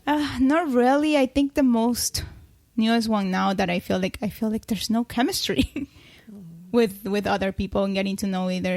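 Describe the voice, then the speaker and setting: A woman's voice: mid-range voice, creaky, no room sound. A woman in her twenties, a podcast guest talking candidly in casual chat and laughing often. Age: 20s.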